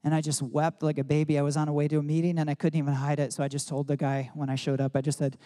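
A man preaches through personal stories in a loose, rambling way, leaning on "like" as he goes. His voice sits a little high but sounds mellow and warm. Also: completely flat delivery, quick pace. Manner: casual, rambling, many "like" fillers. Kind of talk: sermon storytelling.

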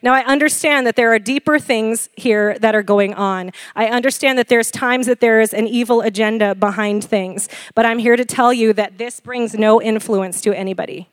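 Lively woman preaching, light laughter. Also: fairly high pitch, moderate pace, hardly any pauses, no echo, studio quality. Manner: animated, laughs often, asks the crowd questions. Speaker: pastor. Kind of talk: sermon.

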